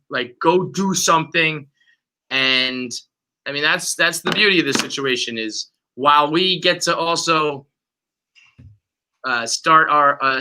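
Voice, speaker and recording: Fired-up bright-voiced New man. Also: a little high, low-quality recording. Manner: profane, fired-up fan ranting. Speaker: podcast host. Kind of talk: casual sports podcast chat.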